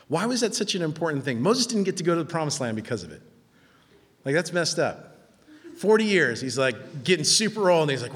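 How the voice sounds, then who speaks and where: A man preaching a sermon in a casual, animated way, acting out quotes in lively voices. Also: a little high, normal speed. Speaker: pastor. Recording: long hall reverb.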